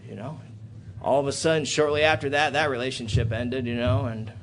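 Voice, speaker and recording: Delivering a brisk personal recovery talk in a convention hotel room, this AA speaker curses openly and dramatizes his story. His volume lurches from loud excitement to hushed passages, over a faint hiss or hum.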